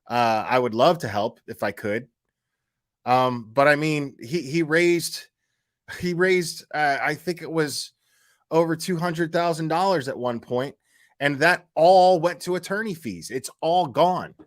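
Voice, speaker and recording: Speaking a little slowly in a voice on the high side, a man hosts a casual YouTube commentary stream. He's blunt and exasperated, swearing, restarting sentences and leaning on fillers.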